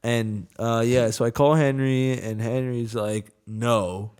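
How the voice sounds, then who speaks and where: A man's voice: medium pitch, steady tone, a little slow, a little mellow, smooth. A young man co-hosting a casual podcast, telling a rambling, jokey story full of "dude" and "man". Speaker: podcast co-host. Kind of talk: casual chat.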